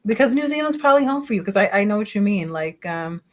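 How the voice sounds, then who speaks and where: Speaking fast in a mid-range voice with lively intonation, a woman from the Bahamas chats casually, her accent faint and largely American. She's talkative, keeps restarting, and slips into bits of song and put-on accents.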